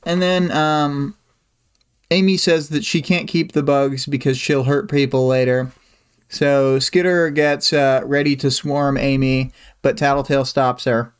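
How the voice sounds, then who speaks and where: A man hosting a livestream, casually recapping a story chapter in a relaxed, hesitant way with many fillers. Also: mid-range voice, smooth. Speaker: livestream host.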